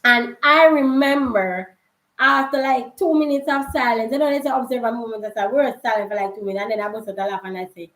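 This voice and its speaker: A young Jamaican woman telling a story in a casual vlog, chatty and quick to laugh, slipping into patois. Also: a little high, a bit bright. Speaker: vlogger. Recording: roomy echo.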